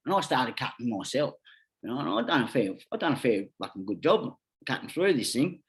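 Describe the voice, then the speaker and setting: This middle-aged Australian man speaks a little fast in a mid-range voice as a podcast guest. Swearing all the while, he rambles through animated stories in a relaxed, chatty way.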